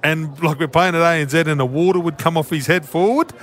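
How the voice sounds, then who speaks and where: A man's voice: a little high, fast. An Australian man, a former player turned commentator, talking bluntly in casual sports radio banter. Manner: blunt, animated, peppers talk with "mate". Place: radio studio.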